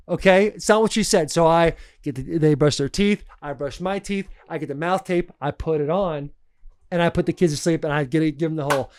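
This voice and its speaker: A man co-hosting a podcast, telling a story in an animated, profane way with frequent laughs. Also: high-pitched, clean tone, dry recording. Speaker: podcast co-host. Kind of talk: casual storytelling chat.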